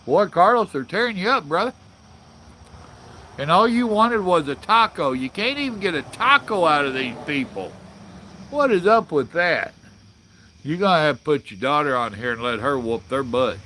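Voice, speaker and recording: Host, sixties, folksy and blunt, bright forceful voice, fairly high for a man. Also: sing-song, normal speed, a little hiss or hum. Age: 60s. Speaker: livestream host. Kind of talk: casual live chat reading comments.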